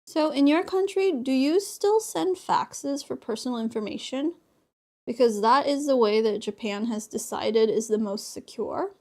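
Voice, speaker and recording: A woman's voice: sits high, a little slow, a little mellow. A young woman streaming a crafting session, chatting casually, laughing often and acting out conversations as she tells stories. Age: young adult. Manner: chatty, laughs often, acts out dialogue in storytelling. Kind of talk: casual chat while crafting.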